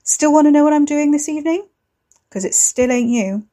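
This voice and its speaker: A woman's voice: high-pitched, fairly quick, mellow, voice pushed up, lightly acted. A woman voicing a blunt young man who taunts his cousin. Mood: taunting.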